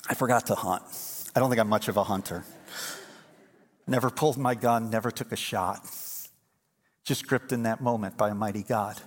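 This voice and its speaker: A man's voice: fairly low pitch, moderate pace, long pauses. A middle-aged man preaching a sermon as pastor, telling stories and building to emphatic, fervent points. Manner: storytelling, swings from quiet to emphatic.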